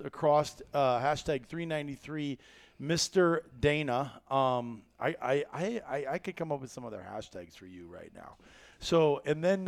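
A man from Iowa hosting a podcast in casual chat, joking and rambling with many fillers and restarts. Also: on the high side. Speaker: podcast host.

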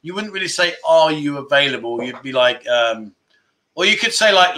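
A man hosting a casual livestream chat, reading out viewer comments and teasing them in a playful, excitable way. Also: fairly high pitch, normal speed. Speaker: livestream host. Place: Pattaya, Thailand.

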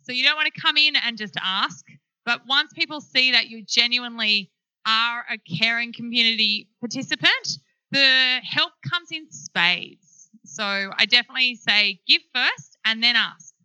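A woman business founder speaking on a live panel, a frank, animated storyteller. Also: fairly high pitch, moderate pace, smooth, no echo, rough recording.

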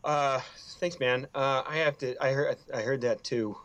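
A man talks in a rambling, halting way, restarting his sentences often. His voice sits at an ordinary pitch, recorded close and dry with no room sound. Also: a bit bright, clean tone, no echo. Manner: rambling, hesitant, lots of restarts. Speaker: improv comedian and podcast guest. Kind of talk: casual chat and improv scene.

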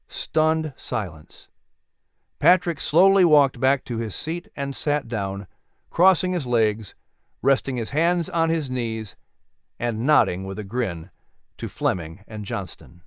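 A man narrating a historical story in a vivid, expressive storytelling manner. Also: mid-range voice, takes it slowly, clear, resonant tone, dry recording, studio quality.

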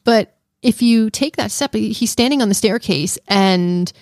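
Animated woman podcast co-host. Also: a little high, a little slow, dry recording, studio quality. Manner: animated, playfully defensive. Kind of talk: casual podcast chat.

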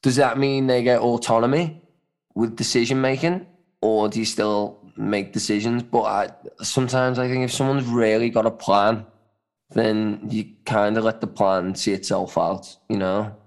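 A man's voice: on the low side, fairly even intonation, normal speed. Rambling man co-hosting a podcast. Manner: rambling, loose, with many "you know" and "man". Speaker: podcast co-host. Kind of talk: casual chat.

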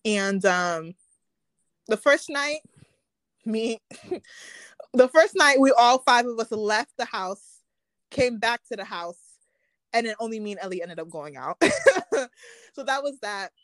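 A woman's voice: on the high side, a little slow, pauses often, dry recording. Chatty young woman telling a story. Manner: animated, acts out quotes, swears casually. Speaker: podcast co-host. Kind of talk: casual storytelling chat.

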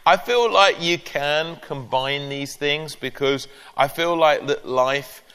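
A man's voice: on the high side, slow, a bit bright, clear, resonant tone. A man, an author, reading his own storybook aloud expressively to an audience, then answering interview questions. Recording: echoey live hall.

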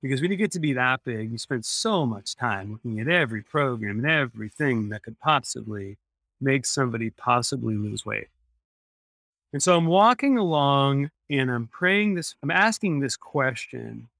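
A man's voice: mid-range voice, animated, normal speed, gravelly, a bit bright, no room sound, studio quality. A man, a podcast guest, telling a personal story in an earnest way and repeating phrases for emphasis.

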